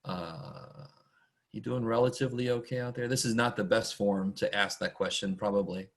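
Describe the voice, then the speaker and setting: A low-voiced man with fairly even intonation teaches math in a casual online lecture. He's chatty and rambling, pokes fun at himself, and talks fast much of the time.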